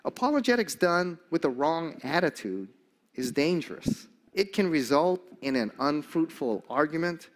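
A man's voice: a little high, normal speed. An older man preaching a sermon, telling stories animatedly and acting out the voices of the people he quotes. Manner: animated storyteller, acts out quoted voices, chuckles often.

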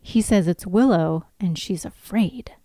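Animated woman recapping a show. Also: mid-range voice, a little slow, no room sound, studio quality. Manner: animated, laughs often, acts out quotes from scenes. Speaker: podcast co-host. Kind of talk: casual chat, recapping episodes.

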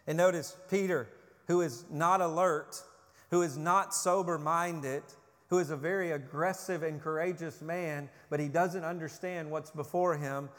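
A man who is a pastor preaching a sermon, urgent and loud on his warnings, then dropping low and quiet when he asks questions. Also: steady tone, a little slow, big-room sound.

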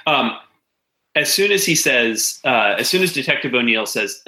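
A man running a tabletop game as game master, narrating in a relaxed, hesitant way with frequent pauses. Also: mid-range voice, echoey room, poor audio.

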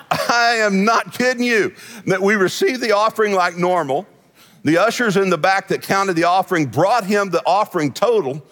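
A man's voice: high-pitched, normal speed, fairly bright tone. A middle-aged man, a senior pastor, preaching a conversational sermon in a church, folksy and storytelling, laughing often. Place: church sanctuary. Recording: long hall reverb.

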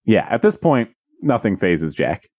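Low-voiced man in jokey banter. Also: sing-song, a little mellow, no echo. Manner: rambling, jokey, slips into quick voices for characters. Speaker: podcast co-host retelling a fairy tale. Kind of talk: casual comedic chat.

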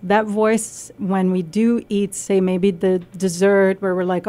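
A young adult woman giving a radio talk on nutrition, explaining gently and sometimes acting out a scolding inner voice. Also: mid-range voice, level tone, takes it slowly, few pauses. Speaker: guest speaker on nutrition.

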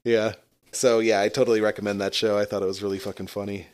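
A man's voice: on the low side, flat delivery, quick pace, a little mellow. A man co-hosting a casual podcast chat, laughing often and swearing freely. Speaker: podcast co-host.

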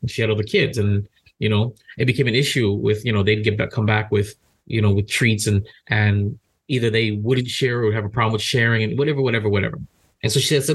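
A man with a gravelly, husky voice, hosting a podcast in relaxed talk. He gets animated, repeats words as he builds a point, and acts out other people's lines. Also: on the low side, quick pace. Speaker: podcast host.

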